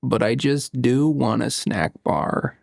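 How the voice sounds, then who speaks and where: A man voicing his sulky, hangry toddler son, slow and pouting. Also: mid-range voice, creaky, no echo, clean studio sound, voice pushed up.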